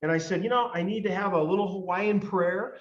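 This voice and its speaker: A man with a fairly high voice delivers a motivational talk to a team call. He repeats lines for emphasis and swells toward near shouts. His voice comes through a roomy, slightly muffled lo-fi line. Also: fairly quick.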